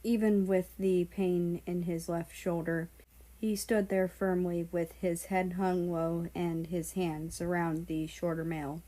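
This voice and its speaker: A woman reading a fan fiction story aloud in a calm, measured way. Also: lowish voice. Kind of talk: audiobook narration.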